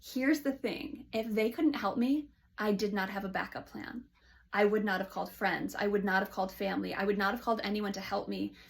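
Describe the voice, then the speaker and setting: Brief: woman counselor with a gravelly edge and a mid-range pitch, reflective and candid, in an office setting. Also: steady tone, fairly quick. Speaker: licensed counselor. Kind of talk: casual talk to camera.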